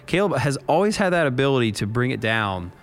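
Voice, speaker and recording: Guy cohosting a podcast, casual and excited, voice swings up and down a lot. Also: medium pitch, brisk. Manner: enthusiastic, reflective. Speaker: podcast co-host. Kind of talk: casual chat.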